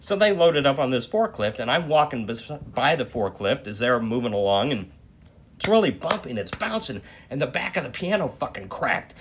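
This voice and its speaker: A man casually telling a long story in a profane, animated way, tagging lines with "right?". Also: mid-range voice, normal speed, slight background noise. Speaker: dream storyteller.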